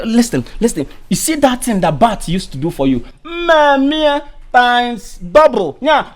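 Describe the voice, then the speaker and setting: An actor with a Nigerian accent playing a boastful village man who coaxes a crying woman and brags about riches abroad. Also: very high voice. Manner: smooth-talking, coaxing, repeats "baby". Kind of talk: Nollywood comedy acting.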